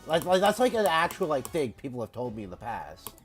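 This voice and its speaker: A man's voice: on the high side, sing-song, a little fast, soft background music. A man with a head cold chatting casually on a game stream, rambling and repeating words as he restarts sentences. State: congested from a cold. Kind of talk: casual live-stream chat.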